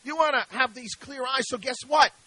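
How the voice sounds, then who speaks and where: Male radio host, high bright voice, dry studio sound, preachy and emphatic monologue. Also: normal speed, no echo, poor audio. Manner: emphatic, preachy, rhetorical questions.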